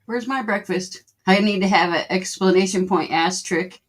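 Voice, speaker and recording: A woman's voice: mid-range voice, normal speed. A woman co-hosting a casual live morning stream, laughing often and talking in a loose, rambling way. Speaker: co-host.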